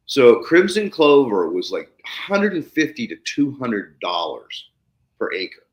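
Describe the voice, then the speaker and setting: Lively low-voiced man telling stories. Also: a little slow. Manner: animated anecdote-telling, acts out the people he quotes. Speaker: podcast host. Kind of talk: casual storytelling chat.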